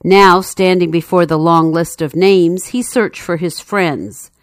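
A woman telling a true story as scripted narration, in a measured, steady way. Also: on the low side, no room sound, clean studio sound.

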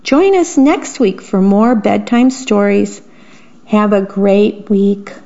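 Slow, gentle woman reading bedtime stories. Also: mid-range voice, vocal fry. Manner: gentle reading, pausing to describe the pictures. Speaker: volunteer radio broadcaster. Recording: dull lo-fi radio broadcast.

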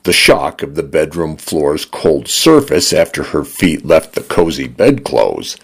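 A man narrating radio stories in a measured, expressive reading. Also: rumbling low, vocal fry, husky. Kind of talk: scripted narration.

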